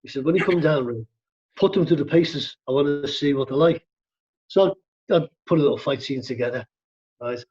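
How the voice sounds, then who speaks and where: A middle-aged man from Liverpool with a Scouse accent, telling a story in casual chat, animated and fast-talking, punctuating lines with "right?". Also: a little high, slightly rough, lo-fi sound. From Liverpool, England. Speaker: stunt coordinator guest.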